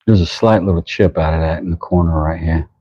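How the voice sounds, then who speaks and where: Deep husky man chatting on a livestream. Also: fairly even intonation, brisk, warm tone, dry recording, muffled recording. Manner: chatty, greets viewers, reacts aloud to his work. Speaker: livestream host and knifemaker. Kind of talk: casual livestream chat while working. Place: his workshop.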